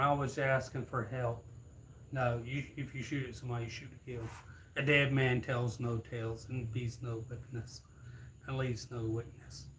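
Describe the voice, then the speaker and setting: A man's voice: mid-range voice, a bit bright, poor audio. A plain-spoken man with a drawl hosts a live stream, spinning loose, rambling stories in a mid-range voice. A faint hum of background noise sits under his talk. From Florida, USA. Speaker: livestream host. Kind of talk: casual storytelling to viewers.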